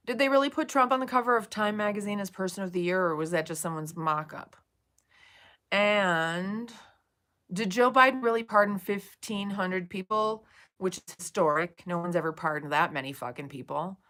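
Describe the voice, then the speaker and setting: A woman's voice: mid-range voice, moderate pace, a bit bright. A woman streaming live, chatting casually with viewers, swearing freely and soothing them by turns. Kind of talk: casual livestream chat.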